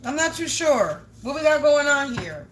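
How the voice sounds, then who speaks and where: A woman's voice: high voice, big pitch swings, normal speed, a little hiss or hum. A woman tarot reader speaking, delivering a blunt, scolding monologue to her viewers, swearing often and raising her voice at times. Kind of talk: confrontational livestream monologue.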